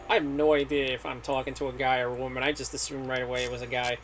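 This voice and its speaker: A man's voice: mid-range voice, level tone, rapid-fire, hardly any pauses, low-quality recording. A man casually commenting while playing a game, making chatty asides for his viewers. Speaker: gaming YouTuber. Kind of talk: let's play commentary. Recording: loud game music behind.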